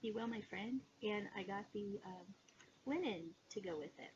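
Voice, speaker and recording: A woman chatting casually in a haul video, gushing with excitement and filling pauses with "um". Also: medium pitch. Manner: excitable, gushing, many fillers. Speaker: cross-stitch vlogger. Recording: dull lo-fi sound with background noise.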